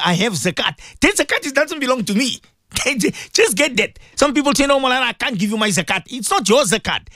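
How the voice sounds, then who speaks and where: A man's voice: extremely high pitch, a bit bright, no echo, clean studio sound. A man with a South African accent giving an impassioned radio sermon, pleading with listeners and repeating phrases for emphasis. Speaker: radio presenter and Islamic preacher.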